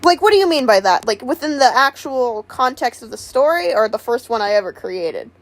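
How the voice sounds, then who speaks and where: A woman's voice: on the high side, sing-song, fairly quick, poor audio. A woman streaming live, chatting casually with a giggly, rambling manner. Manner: giggly, rambling, repeats words.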